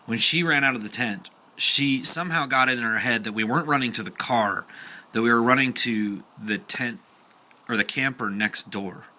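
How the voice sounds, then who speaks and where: A man's voice: mid-range voice, moderate pace, bright, forceful tone. A young man casually telling a true story, chatty, with fillers and acted-out quotes.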